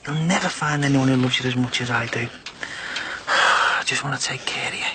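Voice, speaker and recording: An actor playing a hurt young bridegroom who sulks, then turns softly possessive. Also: male voice, medium pitch, moderate pace, lightly acted. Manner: sulky, then tenderly possessive. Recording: noisy soap recording.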